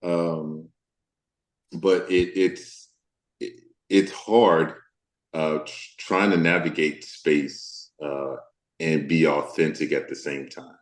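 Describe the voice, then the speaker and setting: A man from the Deep South of the US, an actor speaking candidly as an interview guest, thoughtful and halting with many fillers. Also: steady tone, echoey room.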